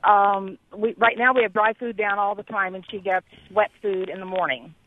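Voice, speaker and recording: A caller asking a radio show for advice about their dog, speaking quickly and earnestly. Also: mid-range voice, fairly even intonation. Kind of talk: radio call-in question. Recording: tinny phone line.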